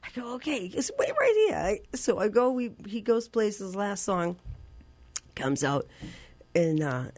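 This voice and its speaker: A woman, a guest telling a story on a radio show, laughing often and jumping to a squeaky high voice when she plays her younger self. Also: measured pace, darkish tone. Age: 60s.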